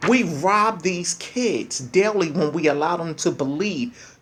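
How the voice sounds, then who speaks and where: A woman's voice: lowish voice, slow pace, slightly rough. A middle-aged woman speaking in an emphatic, preachy monologue, repeating lines for effect and calling listeners "baby". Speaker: speaker sharing parenting views. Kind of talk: passionate monologue.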